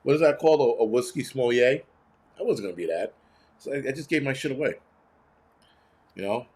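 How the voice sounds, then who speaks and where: In a mid-range, slightly mellow voice with lively intonation, a man in his fifties hosts a casual livestream at a brisk pace. He rambles, leans sarcastic, and swears constantly.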